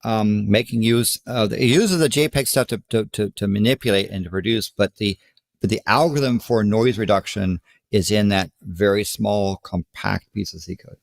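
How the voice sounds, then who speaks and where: A man's voice: fairly low pitch, normal speed, creaky. A man from the United States co-hosting a contest presentation, talking casually with many ums, restarts and repeated words over a video call. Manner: hesitant, many fillers and restarts. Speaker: contest co-host.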